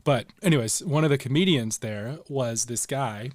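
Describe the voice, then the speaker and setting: A man's voice: mid-range voice, moderate pace, no room sound. Chuckling man telling a story. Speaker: co-host. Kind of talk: casual chat.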